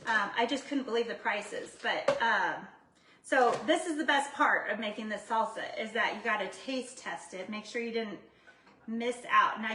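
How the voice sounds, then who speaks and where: Woman, home cook on a livestream, casual and self-mocking, bright voice, echoey kitchen, often off-mic. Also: on the high side, distant mic. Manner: chatty, self-deprecating, greets viewers by name. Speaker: jewelry maker cooking on a livestream. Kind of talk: casual live cooking chat.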